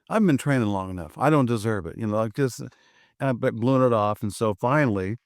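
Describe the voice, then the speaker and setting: A man's voice: medium pitch, dry recording, studio quality. An older American man, a martial arts instructor, telling a story casually and acting out both sides of old conversations. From USA.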